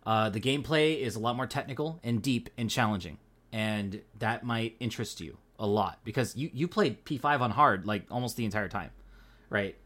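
His voice is on the low side with a fairly bright tone, moving at a moderate pace. The man, a Pacific Northwest American, co-hosts a podcast where the conversation stays laid-back and casual, heavy on fillers, with swearing here and there.

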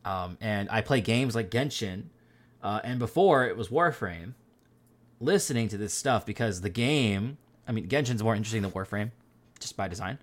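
A man's voice: fairly low pitch, expressive, moderate pace. Rambling casual man hosting a podcast. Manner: rambling, filler-heavy, swears casually. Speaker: podcast host. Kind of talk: casual chat.

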